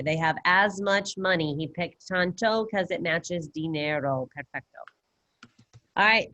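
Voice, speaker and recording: Over a video call, a woman quizzes her Spanish students in a casual, upbeat online lesson using her computer mic. Her lowish voice is bright and forceful. The recording is dry.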